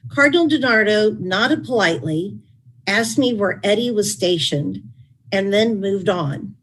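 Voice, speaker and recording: Husky-voiced woman reading wry anecdotes. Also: mid-range voice, expressive, a little slow, low-quality recording. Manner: wry storytelling with dry asides. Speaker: author and former chief of staff. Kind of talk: reading aloud from her book at a public talk.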